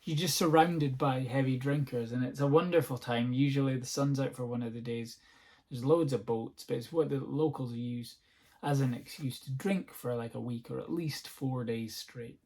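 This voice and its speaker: A man's voice: mid-range voice, moderate pace, a little mellow, breathy edge. Scottish man, young adult, comedy podcast host, rambling, swearing, laughing. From north-east Scotland. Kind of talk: casual solo podcast monologue. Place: at home on a sofa-bed seat.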